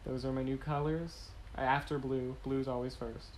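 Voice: mid-range voice, fairly even intonation, moderate pace, a little mellow, slight background noise, rough recording. A young American podcast co-host chatting playfully and rambling about everyday topics. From United States. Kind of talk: casual chat.

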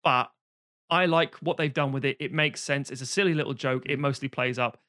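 A man's voice: medium pitch, steady tone, a little fast, sharp tone, no room sound, studio quality. A man co-hosting a casual film-review chat, sarcastic and swearing freely, slipping into mock voices. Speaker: podcast co-host.

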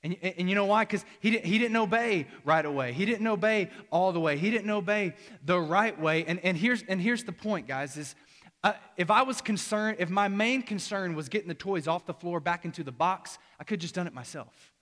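A man's voice: high-pitched, moderate pace, a bit bright. A man in his thirties preaching a conversational sermon as a young adult pastor, acting out exchanges with his young son. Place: church auditorium. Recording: long reverb of a large hall.

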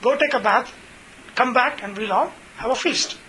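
A sly, plotting fox, as a man tells it, in a fable told aloud. The voice sits high and bright, and the talk stays light and conversational. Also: normal speed, a little hiss or hum, poor audio. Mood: scheming. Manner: storytelling tone, conversational. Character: cunning scheming fox, male, sly.

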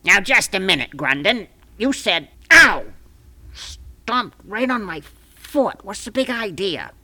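A woman voicing a bossy, sharp-tongued small-town official in a comic radio play, with a folksy, scolding way of talking. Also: mid-range voice, animated, unhurried.

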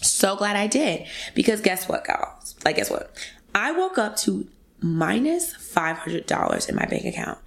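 Animated woman telling a money story. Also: medium pitch, a little slow, vocal fry. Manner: animated, acts out quoted voices, addresses listeners as y'all. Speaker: podcast guest speaker. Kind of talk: casual storytelling to listeners.

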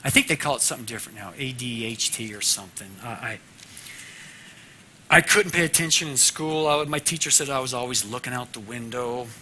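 A man teaching a class devotional in an earnest way, moving from loud teaching to a hushed prayer. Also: medium pitch, a little fast, slight background noise.

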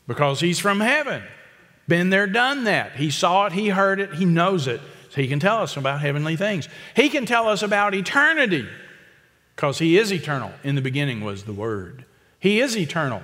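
A man preaching an expository sermon, emphatic and repetitive, with quick asides to the congregation. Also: sits high, bright, forceful tone, in a large hall. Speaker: pastor.

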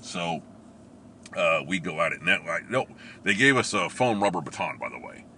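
A middle-aged man tells a story in a very low, cutting, bright-edged voice. His pitch swings widely as he laughs and acts out what people said. Faint noise sits under the recording. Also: moderate pace. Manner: animated, laughs often, acts out quoted lines. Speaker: storyteller recalling police academy training. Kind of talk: casual storytelling.

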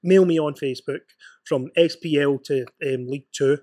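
Scottish host, ex-player, earnest and reflective, a little high-pitched. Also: male voice, moderate pace, dark tone. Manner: supportive, reflective. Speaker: podcast host, former footballer. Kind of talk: casual chat.

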